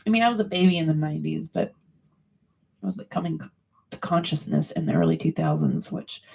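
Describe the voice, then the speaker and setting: A woman's voice: low-pitched, wildly swooping pitch, a little fast, gravelly, dark tone, slightly rough. Crackly-voiced woman chatting casually. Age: 30s. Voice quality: crackly morning voice. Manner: chatty and rambling, swearing freely. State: congested from allergies. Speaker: livestream host. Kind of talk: casual chat.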